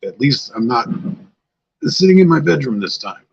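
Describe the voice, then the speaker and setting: A man's voice: medium pitch, very animated, moderate pace, vocal fry, husky, highs cut off. An older man hosting a casual livestream, tired and a bit scatterbrained, chatting loosely with viewers. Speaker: livestream host. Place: outdoors-like spot at home.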